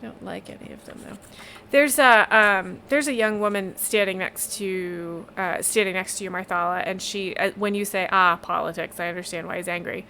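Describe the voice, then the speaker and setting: A woman's voice: mid-range voice, moderate pace, bright, forceful tone, a little hiss or hum. A woman running a tabletop game as game master, narrating casually with many fillers. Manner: casual, filler-heavy, laughing easily.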